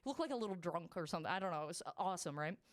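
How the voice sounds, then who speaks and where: A woman's voice: lowish voice, expressive, rapid-fire. A woman co-hosting a podcast, telling a story in casual chat with lots of swearing and laughter. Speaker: podcast co-host.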